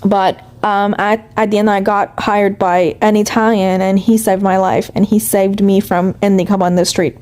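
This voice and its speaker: A woman from Iran giving an earnest, somewhat halting personal account. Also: medium pitch, little pitch movement, a little mellow. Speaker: personal testimony.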